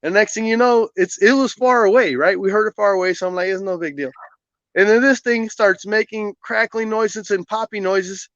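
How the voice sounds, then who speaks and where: A man tells a story in a casual podcast chat, animated and quick to laugh, acting out the lines of everyone involved. His voice is bright and sharp. The recording is dry and a little dull and lo-fi. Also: high-pitched, no room sound. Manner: animated, laughs often, acts out dialogue. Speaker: guest telling a personal story.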